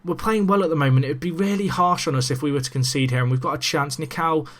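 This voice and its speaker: A young man in casual let's-play commentary, chatty and excitable with self-mocking asides, talking into a desk microphone. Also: fairly high pitch, fast talker. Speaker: gaming commentator.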